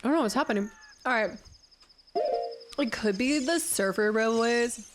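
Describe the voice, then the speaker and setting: A young woman streaming a game in casual, giggly chat, her voice going a bit hoarse as she keeps clearing her throat and talking to her cat. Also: fairly high pitch, moderate pace, very noisy. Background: game music.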